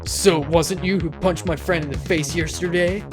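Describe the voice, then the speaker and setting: A man's voice: fairly high pitch, fairly even intonation, moderate pace, over music, pitched above the performer's own voice, close to an everyday voice. A man voicing a cocky, aggressive young male street punk while reading a visual novel aloud. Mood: taunting. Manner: taunting, aggressive.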